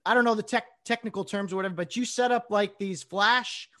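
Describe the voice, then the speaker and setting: Man, interview host, higher-pitched, halting, lots of fillers. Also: bright, forceful tone. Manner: halting, with many fillers and restarts. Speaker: host, former referee. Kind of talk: casual interview chat.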